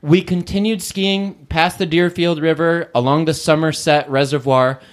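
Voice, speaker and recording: A man's voice: on the high side, steady tone, moderate pace. A man telling an enthusiastic story in a casual chat as a co-host.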